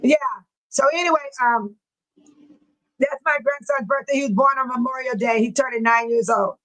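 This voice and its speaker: A woman's voice: high voice, moderate pace, poor audio. An older woman, a grandmother of seven, hosting a casual livestream, reading viewer comments and laughing often. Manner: laughs often, animated and teasing. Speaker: livestream host.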